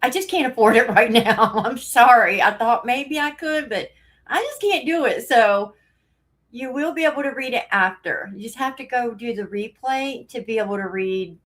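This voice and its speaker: A woman's voice: a little high, animated, normal speed, fairly bright tone. A woman talks casually on a home live stream, a little out of breath. She rambles from topic to topic and laughs often as she greets her viewers by name.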